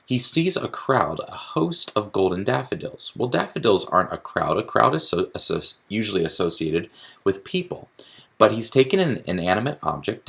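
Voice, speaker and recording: A man's voice: on the low side, vocal fry, a bit bright, breathy edge. A man teaching a recorded lesson on poetry, explaining step by step and often restarting his sentences. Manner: explanatory, with frequent restarts and fillers.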